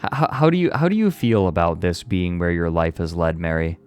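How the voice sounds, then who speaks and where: A man's voice: low-pitched, a little fast, clear, resonant tone. A man streaming in casual chat, laid-back and wry, joking while reading along.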